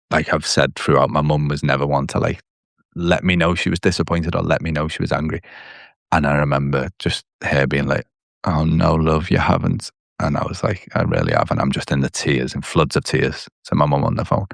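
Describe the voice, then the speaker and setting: A man's voice: a bass voice, gravelly, no echo, clean studio sound. A man as a podcast guest, telling his personal recovery story candidly and bluntly, swearing at times.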